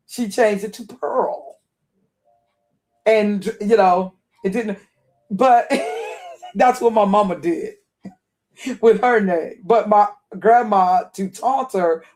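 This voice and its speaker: High-voiced man in a rambling monologue. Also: darkish tone. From Chicago. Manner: rambling, repeats words, laughs often. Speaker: online talk host. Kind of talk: casual monologue.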